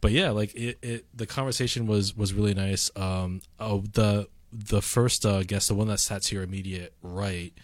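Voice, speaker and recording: A man's voice: lowish voice, steady tone, moderate pace, hardly any pauses, no echo. A man co-hosting a casual chat, rambling with lots of fillers and restarts. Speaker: podcast co-host.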